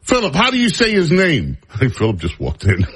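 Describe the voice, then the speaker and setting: A man's voice: mid-range voice, huge pitch swings, moderate pace, fairly bright tone, breathy edge. A man hosting a talk radio show, speaking in a casual way and teasing his studio crew in wry banter.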